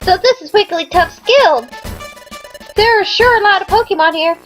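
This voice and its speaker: A woman's voice: very high-pitched, normal speed, a bit bright, soft background music, pitched above the performer's own voice. A woman voicing a timid young companion who stammers when nervous. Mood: jittery.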